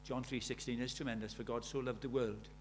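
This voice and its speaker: A man preaching a sermon, animated, shifting from loud emphatic lines to quiet asides. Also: medium pitch, a little fast, a little hiss or hum.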